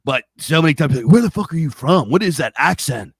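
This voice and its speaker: A man's voice: on the high side, expressive, fairly quick, breathy edge, no echo. A middle-aged man from Pennsylvania with a Pennsylvania accent, telling stories loosely in a casual podcast chat and swearing freely. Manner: rambling storyteller, swears freely. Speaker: podcast host. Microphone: studio mic on a live stream.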